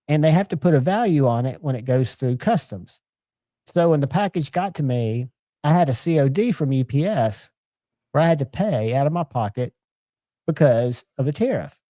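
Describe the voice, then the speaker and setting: A man's voice: on the high side, mellow, dry recording. A man, chatting casually and enthusiastically as host of a live knife show.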